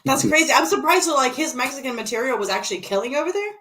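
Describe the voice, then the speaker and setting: A woman's voice: sits high, lively intonation, fast, sharp tone, a little hiss or hum. A woman co-hosting a casual podcast, joking and teasing her guest in playful banter. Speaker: podcast co-host.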